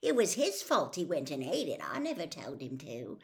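A woman's voice: deep voice, wildly swooping pitch, moderate pace, full character voice. Woman doing a cheeky teenage prankster boy. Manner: cheeky, indignant.

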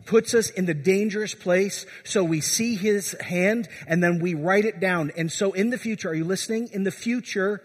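A man's voice: sits high, moderate pace, hardly any pauses, slightly rough. A man preaching a sermon as pastor, urging his congregation and asking them questions. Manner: exhorting, asks the congregation questions. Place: church. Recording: long church reverb.

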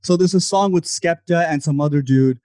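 A man co-hosting a podcast in casual chat, animated and jokey as he talks. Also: dry recording, studio quality. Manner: animated and jokey, with quick swings in pitch. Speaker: podcast co-host.

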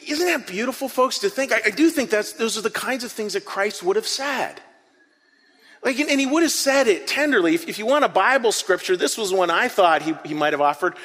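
A man preaching an interactive sermon, earnest and animated, often repeating his words as he speaks to the congregation. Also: high voice, a little fast, breathy edge. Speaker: pastor. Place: church hall. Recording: long hall reverb.

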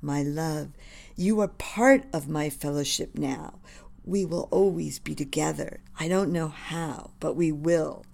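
A woman's voice: low voice, unhurried, creaky, darkish tone, exaggerated voice. A woman reading the lines of a devoted male general in love, earnest and reverent in manner. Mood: tender.

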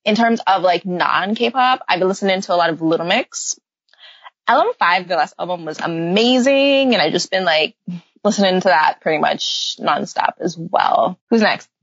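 A woman's voice: fairly low pitch, normal speed, dry recording. A woman hosting a podcast in casual chat, talking with enthusiasm and plenty of fillers. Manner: chatty, enthusiastic, many fillers. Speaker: podcast host. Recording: dull lo-fi dry recording.

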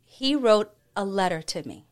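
Woman, mid-pitched, earnest and chatty, casual podcast guest. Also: lively intonation, moderate pace. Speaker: podcast guest, partner of a host. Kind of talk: casual chat.

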